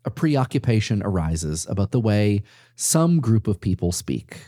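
A man with a low, mellow voice hosts a podcast and narrates from a script. He tells his story playfully, and his voice jumps up high when he makes a point. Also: measured pace. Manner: playful, animated storytelling with sudden leaps in pitch. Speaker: podcast host.

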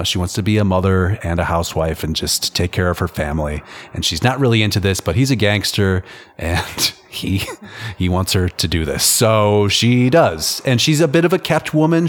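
Joking, animated man recapping a film. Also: fairly low pitch. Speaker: podcast co-host. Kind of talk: casual chat. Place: at home near an airfield.

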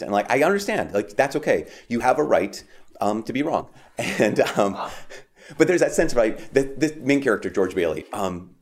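A man reading scripture in a measured, solemn way, then giving a chatty homily as a priest, full of "like" and "um". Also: mid-range voice, sing-song. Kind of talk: Gospel reading and casual homily.

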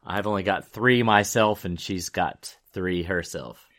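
A man's voice: deep voice, a little slow, a bit bright. A man co-hosting a podcast, chatting casually and easily, laughing often. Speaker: podcast co-host. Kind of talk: casual chat.

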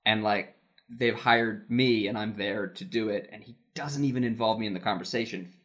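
A man's voice: lowish voice, normal speed, fairly bright tone. Chatty man telling a work story. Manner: chatty, laughs while telling anecdotes, many "like" fillers. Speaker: podcast co-host, voice actor in Japan. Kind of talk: casual podcast chat, storytelling.

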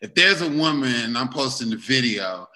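A man in his forties, a comedian guest on a chat podcast, telling animated stories, laughing often and acting out what people said. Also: medium pitch, moderate pace, low-quality recording. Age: 40s. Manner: animated storyteller who laughs often and acts out quotes.

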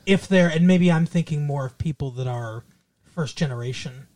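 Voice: medium pitch, normal speed, a little mellow. A podcast co-host from Michigan, chatting casually about a movie with lots of restarts and fillers.

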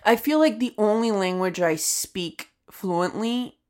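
A woman's voice: medium pitch, animated, measured pace. A young woman from Venezuela co-hosting a podcast, chatting casually in a rambling, self-deprecating way. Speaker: podcast co-host, comedian. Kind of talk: casual chat.

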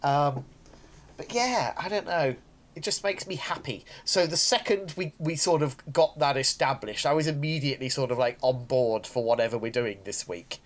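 A man's voice: mid-range voice, normal speed. A man chatting on a podcast, rambling with many restarts as he enthuses. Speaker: podcast co-host. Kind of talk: casual podcast chat.

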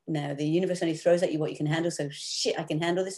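A woman's voice: low voice, steady tone, rapid-fire, hardly any pauses, darkish tone. A woman in her sixties, a guest on a podcast, speaking frankly and swearing freely as she talks about her own hard times. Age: 60s. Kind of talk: candid conversational interview.

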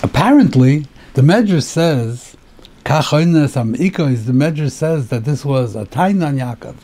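A rabbi giving a Torah class on the weekly portion, explaining the text step by step, asking rhetorical questions and mixing in Hebrew terms. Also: male voice, on the high side, expressive, a little slow, warm tone.

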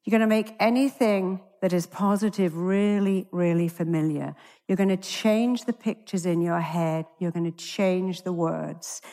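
A woman, a therapist giving a motivational stage talk, telling stories and acting out the lines of the people in them with big leaps in her voice. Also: a little slow. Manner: animated storyteller who acts out quoted dialogue with big pitch leaps. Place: large conference stage. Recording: long reverb of a large hall.

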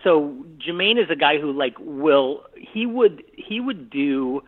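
A man's voice: a little high, animated, takes it slowly. A man, a film director, talking about his work in an interview, casual and rambling with many fillers and restarts. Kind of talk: conversational interview. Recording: tinny phone-line sound.

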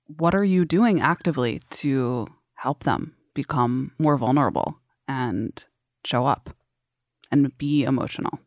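A woman hosting a podcast, asking engaged, expressive interview questions and wrapping up the show. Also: very deep voice, measured pace, dry recording, clean studio sound. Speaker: podcast host. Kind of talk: conversational interviewing.

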